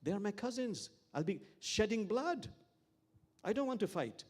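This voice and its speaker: An anguished young prince pleads again and again, as a man puts him on in a sermon. The voice climbs high and strained with each plea. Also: very animated, moderate pace. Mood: pleading. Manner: pleading, repeating himself.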